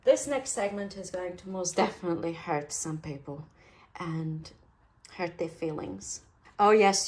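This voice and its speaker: A woman's voice: fairly low pitch, normal speed, slight background noise. An Australian woman vlogging as she works on a handmade journal, rambling and poking fun at herself. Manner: rambling and self-deprecating, talks while working. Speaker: craft vlogger. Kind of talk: chatty crafting tutorial.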